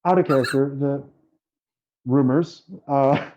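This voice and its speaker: A man's voice: medium pitch, slow pace, a little mellow, slight background noise, rough recording. A man playing in a tabletop game, casually chatting, hesitating a lot and swearing offhand. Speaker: player.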